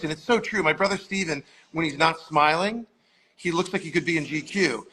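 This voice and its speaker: Brief: bright-voiced New man, rambling storyteller. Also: high-pitched, fast talker, a little hiss or hum, low-quality recording. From Long Island, New York. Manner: rambling, animated, acts out quoted voices. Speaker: guest storyteller. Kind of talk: casual anecdote telling. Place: modeling agency office.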